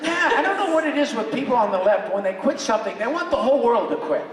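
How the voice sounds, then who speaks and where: An older man with a fairly high voice tells opinionated, joking stories to a convention crowd. He sounds far from the mic in a big echoing hall, and there is a murmuring audience behind him. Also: very animated, quick pace, very noisy. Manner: joking, opinionated storytelling with laughs. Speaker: convention panel guest. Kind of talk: animated convention panel talk. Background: audience reactions.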